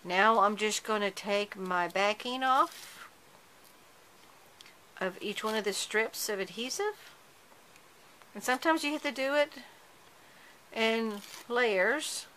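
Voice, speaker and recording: A woman's voice: mid-range voice, slow, pauses often, pushed and bright, slight background noise, low-quality recording. A woman hosting a card-making tutorial, chatting casually and correcting herself as she works with her hands. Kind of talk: casual craft tutorial narration.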